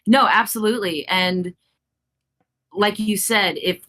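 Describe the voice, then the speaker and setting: A woman's voice: mid-range voice, slow pace, a bit bright. A woman who is a metal vocalist, speaking as a podcast guest, agreeable and casually profane. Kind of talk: casual interview chat.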